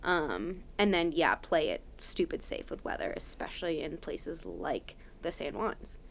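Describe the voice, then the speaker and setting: A woman's voice: low-pitched, big pitch swings, measured pace, a little hiss or hum. A young adult woman, a podcast guest, telling a story casually and animatedly with lots of "like" fillers.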